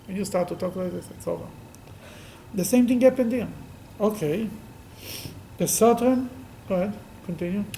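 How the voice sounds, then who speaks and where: Rabbi teaching a Talmud class, man, animated, acts out quotes, restarts often, faint noise behind. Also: high voice, normal speed, gravelly, long pauses, poor audio.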